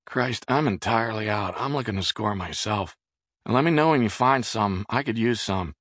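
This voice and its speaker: A man's voice: fairly low pitch, expressive, moderate pace, fairly bright tone, no echo, studio quality, pitched above the performer's own voice. A man voicing a casual male drug dealer speaking in an offhand way.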